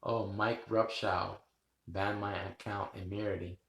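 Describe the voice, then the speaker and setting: A man's voice: lowish voice, steady tone, measured pace, vocal fry, a bit bright, reverberant. A man hosting a rambling live stream, chatting with viewers, laughing often and swearing casually. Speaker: livestream host.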